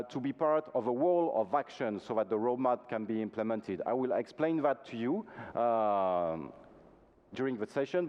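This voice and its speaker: A man's voice: mid-range voice, a little mellow. Hesitant male moderator in a hall. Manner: hesitant, many filler sounds. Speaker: workshop moderator. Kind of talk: moderating a conference session. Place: large conference hall. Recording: dull sound in a reverberant hall.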